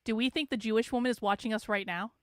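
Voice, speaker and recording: Lady streamer ranting sarcastically, high smooth voice, dry close mic. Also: fast talker, no echo. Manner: rambling and sarcastic, many fillers and restarts. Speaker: livestream host. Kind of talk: casual livestream commentary, reading chat comments.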